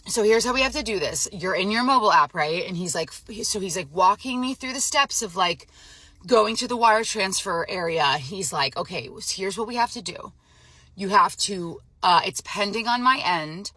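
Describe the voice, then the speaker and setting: Emotionally drained woman with a bright voice. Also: medium pitch, animated, normal speed, no echo. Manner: frazzled, emotional, retelling a phone scam with quoted dialogue. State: emotionally drained, near tears. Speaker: vlogger. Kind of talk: casual storytelling to camera.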